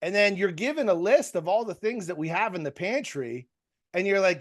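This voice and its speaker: A man's voice: sits high, expressive, normal speed. A man coaching a group on a video call, rambling and chatty with many restarts. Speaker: real estate coach. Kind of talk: live coaching talk to a group.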